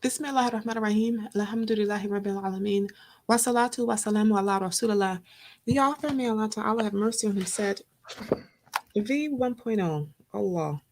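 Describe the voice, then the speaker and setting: A woman reads a religious creed aloud. Her delivery is steady and formal. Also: mid-range voice, brisk, slight background noise, rough recording. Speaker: reader. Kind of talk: reading a religious text aloud.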